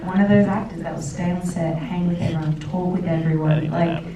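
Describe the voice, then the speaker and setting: A woman, an actress on a screening panel, talking in a chatty, animated way with many fillers and restarts. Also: lowish voice, brisk, a crowd in the background. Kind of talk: panel Q&A chat. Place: screening room with audience. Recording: roomy and distant with faint noise.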